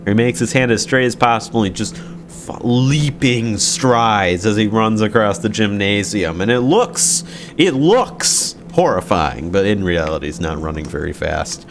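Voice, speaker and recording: A man's voice: lowish voice, lively intonation, moderate pace, a little hiss or hum. A young man casually telling a story from his school days, sarcastic, swearing freely and laughing often.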